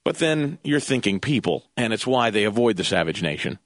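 A man's voice: lowish voice, big pitch swings, fairly quick, no echo, studio quality. A man filling in as a radio talk show host, ranting with fiery sarcasm about politics and the media.

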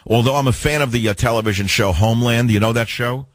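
A man's voice: medium pitch, fast, no room sound. An older man hosting a talk radio show, delivering an opinionated, combative monologue with rhetorical questions. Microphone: studio mic.

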